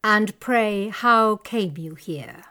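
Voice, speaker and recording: A woman's voice: mid-range voice, animated, drawn-out words, sharp tone, exaggerated voice. A young woman playing a distressed young noblewoman, speaking with emotion in a dramatic audiobook reading. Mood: indignant. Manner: emotional, pleading and indignant.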